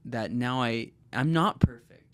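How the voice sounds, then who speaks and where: A man speaking as a podcast guest, thoughtful and a little hesitant, pausing over his words with "like" and "um". His voice is smooth and resonant. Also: mid-range voice, fairly bright tone. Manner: reflective, hesitant, many "like" and "um" fillers. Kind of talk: casual podcast conversation.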